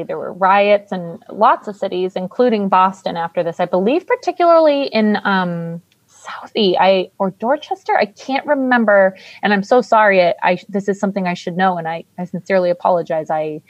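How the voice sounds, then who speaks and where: A woman co-hosts a podcast, recapping a film in loose, irreverent chat with casual swearing. Her voice sits at a middling pitch and sounds dry and close. The recording is slightly dull and lo-fi. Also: moderate pace, no room sound. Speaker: podcast co-host.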